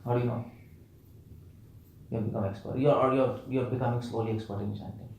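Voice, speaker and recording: A man gives a scripture lecture in a temple hall, his medium-pitched voice ringing with room echo. He keeps questioning his listeners and repeats words playfully for emphasis. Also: steady tone, fast, darkish tone, a little hiss or hum. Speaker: preacher. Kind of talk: scripture lecture to a live audience.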